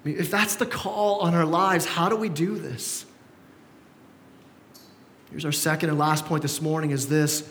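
A male pastor preaching a sermon in a church, animated and acting out the voices he quotes with rising emphasis. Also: on the high side, moderate pace, pauses often, in a large hall, a little hiss or hum. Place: church sanctuary.

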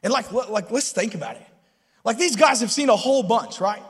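A man's voice: high voice, expressive, fairly quick, slightly rough. A man preaching a sermon in a chatty, storytelling way, often asking the crowd if they follow him. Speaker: pastor. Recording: long hall reverb.

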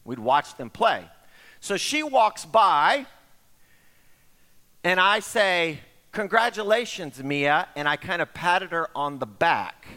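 A middle-aged male pastor preaching with a bright, ringing tone and a pitch that leaps around as he tells his stories. He acts out the voices of the people in them. The sound carries a long reverb, as in a large hall. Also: takes it slowly, long pauses. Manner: animated storytelling, acting out quoted voices. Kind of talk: sermon. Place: church sanctuary.

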